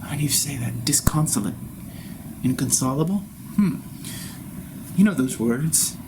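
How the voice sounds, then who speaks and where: A grown man performing an improvised theatrical monologue in character, rambling and swinging between loud bursts and soft whispers. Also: on the high side, animated, unhurried, noisy background. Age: adult.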